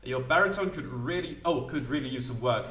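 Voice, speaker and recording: A man's voice: medium pitch, lively intonation, fairly quick, bright, forceful tone. A man reading lines for a curious young woman character in his own voice, polite and a bit hesitant. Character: poised young woman, courtesan narrator, curious. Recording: roomy sound, distant mic.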